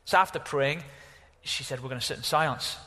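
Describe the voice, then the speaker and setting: Animated pastor preaching in a hall. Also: male voice, mid-range voice, fairly quick. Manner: animated, exclaiming, varies from loud to hushed. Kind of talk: sermon.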